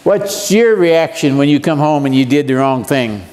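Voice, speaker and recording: A man in his seventies with a drawl teaches a Bible lesson to a congregation. His voice sits somewhat high for a man. He keeps the tone folksy, throwing questions and jokes out to the listeners. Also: lively intonation, moderate pace, a little mellow. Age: 70s. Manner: joking, asks the audience questions. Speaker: seminar speaker.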